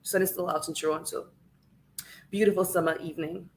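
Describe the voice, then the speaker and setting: Speaking a little fast in a lowish, fairly even voice, a Saint Lucian woman livestreams about politics from her Canadian home, earnest and tearful and repeating herself for emphasis. The recording is rough, with a bit of hiss or hum.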